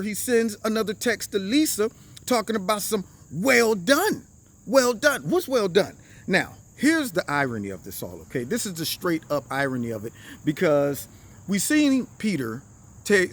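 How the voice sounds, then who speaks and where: A man hosting a casual commentary show, telling stories in slang and acting out the people he quotes. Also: fairly high pitch. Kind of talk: casual political commentary and storytelling.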